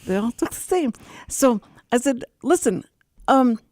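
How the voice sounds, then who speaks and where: A woman's voice: fairly high pitch, moderate pace, no echo, studio quality. An older woman from Texas hosting a casual radio talk show, telling stories and acting out phone calls. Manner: animated storyteller, acts out phone calls. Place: radio studio.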